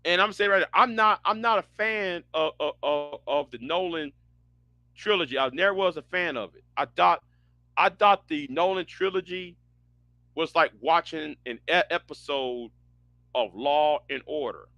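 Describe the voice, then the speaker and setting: A man hosting a livestream, ranting casually in a profane, animated way, often stammering and restarting his words. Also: a little high, moderate pace, dry recording, highs cut off. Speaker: livestream host.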